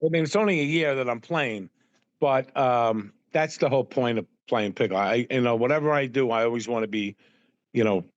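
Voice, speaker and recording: A man telling lively stories as a podcast guest, sprinkling his talk with "you know" and acting out what people said. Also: mid-range voice, a little fast, no echo, lo-fi sound. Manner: animated storyteller, full of "you know" and acted-out quotes. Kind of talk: anecdotal interview chat.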